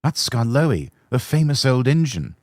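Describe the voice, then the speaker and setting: A man voicing Peter Sam, a kind, gentle young male engine who speaks softly and apologetically. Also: mid-range voice, big pitch swings, unhurried, no room sound, studio quality, pitched above the performer's own voice. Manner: soft, apologetic, friendly.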